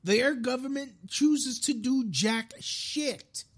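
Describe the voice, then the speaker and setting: A man's voice: very high-pitched, slow pace. A man hosting a live-streamed podcast, delivering a frustrated, profane political rant with frequent restarts. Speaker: podcast host.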